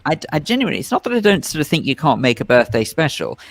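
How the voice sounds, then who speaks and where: A man's voice: on the high side, very animated, fast talker, gravelly, dry recording. Dry, wry male radio co-host. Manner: dry, wry, mock-indignant. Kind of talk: casual radio banter. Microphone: studio microphone.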